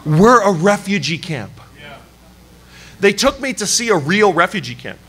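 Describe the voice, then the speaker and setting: Male pastor, Canadian-raised, animated self-deprecating sermon storyteller, slightly high, bright tone. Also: measured pace, breathy edge. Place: church service.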